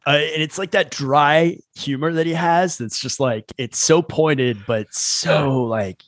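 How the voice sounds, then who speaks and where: Relaxed man in casual chat, dry sound. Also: a little high, takes it slowly, no echo. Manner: relaxed, reflective, swears casually.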